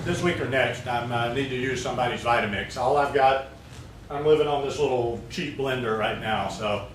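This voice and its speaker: A man's voice: mid-range voice, reverberant, far from the mic, slight background noise, low-quality recording. Man, casual rambling vlog chat, set back from the mic, faint room ambience. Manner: rambling, relaxed, full of fillers. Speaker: vlogger making smoothies. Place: his home in the tropics.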